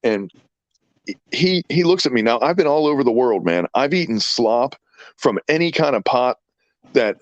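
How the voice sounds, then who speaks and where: A man's voice: mid-range voice, normal speed, no echo, lo-fi sound. Rambling middle-aged man telling stories. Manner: rambling, profane, animated storyteller. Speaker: podcast host. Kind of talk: casual storytelling chat.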